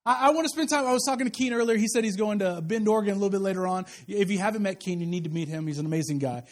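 A young adult man preaching a sermon in a conversational, animated way, acting out little asides for the congregation. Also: high-pitched, very fast. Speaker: pastor.

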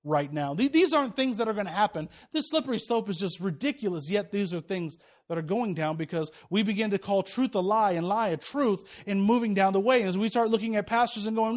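A male pastor preaching a sermon, animated, dropping low for asides and rising high for warnings. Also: a little fast, few pauses.

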